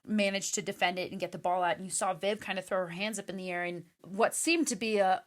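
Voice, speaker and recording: Animated woman podcast host. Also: medium pitch, quick pace, few pauses. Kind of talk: casual sports chat.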